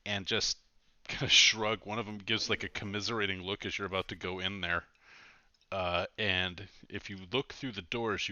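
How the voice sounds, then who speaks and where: A man's voice: fairly low pitch, pushed and bright, dry recording, highs cut off. A man narrating a tabletop game as game master, descriptive and chatty with many fillers.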